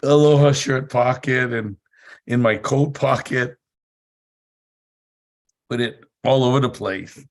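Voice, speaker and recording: A man's voice: mid-range voice, takes it slowly, long pauses. A man giving a motivational seminar talk, telling chatty anecdotes and laughing often. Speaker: seminar speaker.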